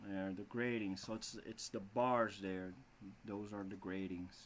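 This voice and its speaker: A man teaching English who reads a fairy tale aloud and breaks off often to explain words in an animated way. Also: on the low side, unhurried, slight background noise. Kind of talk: reading a story aloud and explaining vocabulary.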